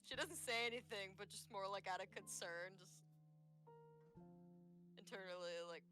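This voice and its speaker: A woman playing in a tabletop game, chatty and quick to laugh, with lots of "like". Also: medium pitch, over music. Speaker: player. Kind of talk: casual tabletop play.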